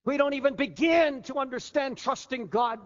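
An older man delivers a fervent sermon from the pulpit in a very high voice. The sound is dull and lo-fi, and a long hall reverb trails each phrase. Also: normal speed. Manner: fervent preaching, drops low and quiet for the voice of the flesh. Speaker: pastor.

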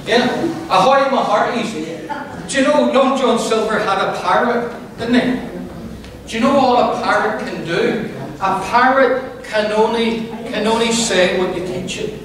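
A male pastor preaching a lively sermon, playful and calling on the congregation to answer back. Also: extremely high pitch, a little slow, a crowd in the background. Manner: playful, with call-and-response to the congregation. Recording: very echoey hall, voice from far off.

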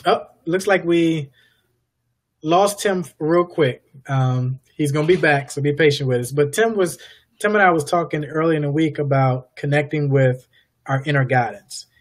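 A man's voice: fairly high pitch, moderate pace. A man hosting an interview, affirming his guest often and restating his questions. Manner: affirming, many yeahs, repeats his questions. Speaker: interview host. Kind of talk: casual interview talk.

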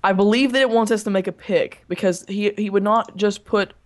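A man's voice: high-pitched, fairly even intonation, brisk. A young man chatting casually while playing a game with a friend, joking and suspicious of the game's traps. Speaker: co-player. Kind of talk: casual gameplay chat.

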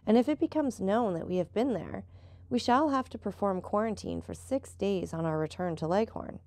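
Woman narrator doing a steady old-hand boat captain, explaining, gravelly texture. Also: medium pitch, moderate pace, no echo. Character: seasoned male boat captain, calm and knowing.

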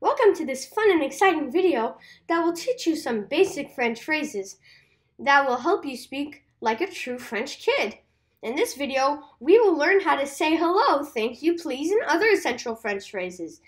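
A woman teaching simple phrases in an upbeat scripted lesson for kids, cheerful and deliberate, repeating words for listeners to say along. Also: high-pitched, very animated.

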